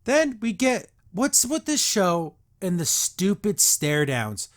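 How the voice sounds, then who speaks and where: A man's voice: high-pitched, big pitch swings, takes it slowly. A man hosting a podcast, recapping and reacting to a cartoon episode in a sarcastic, exasperated rant.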